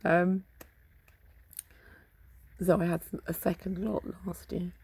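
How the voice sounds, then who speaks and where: A woman's voice: on the low side, flat delivery, slow, darkish tone, a little hiss or hum. A tired woman of fifty, rambling aloud to herself in her garden and sometimes dropping to a whisper, recorded on a phone. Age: 50s. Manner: musing aloud to herself, drifting between topics, sometimes whispering. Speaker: vlogger. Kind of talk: rambling solo chat. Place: home garden outdoors.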